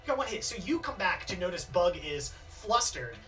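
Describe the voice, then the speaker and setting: Bright-voiced woman running a tabletop game. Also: lowish voice, very animated. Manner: casual, halting with fillers. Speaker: game master. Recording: distant mic with faint music.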